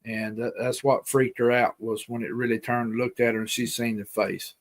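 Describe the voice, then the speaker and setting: A man's voice: medium pitch, level tone, moderate pace. A man with an Alabama Southern accent, a guest telling a story in a casual, folksy, rambling way and repeating himself.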